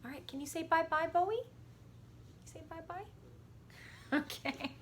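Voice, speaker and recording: A woman music teacher giving a warm, patient lesson to children from her home over a computer microphone, chatty and quick to laugh. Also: very high voice. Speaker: elementary school music teacher. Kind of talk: gentle, encouraging virtual lesson for children.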